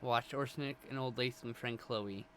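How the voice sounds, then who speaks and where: A man co-hosting a relaxed movie chat, his voice bright and a little sharp. He talks in an animated, opinionated way and tends to rant. There is a faint noise floor behind him. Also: mid-range voice, fairly quick. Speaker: podcast co-host.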